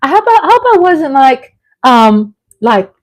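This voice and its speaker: A woman's voice: high-pitched, big pitch swings, a little slow. A woman with a Southern US accent hosting a casual livestream vlog, chatty and playful, laughing often. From Texas. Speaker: vlog host.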